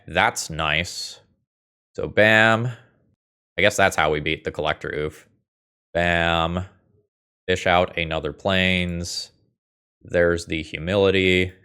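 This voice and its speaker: Low-voiced man commentating a card game. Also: a bit bright. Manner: wry, thinks aloud, swears when frustrated. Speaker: gaming video host. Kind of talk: casual gameplay commentary.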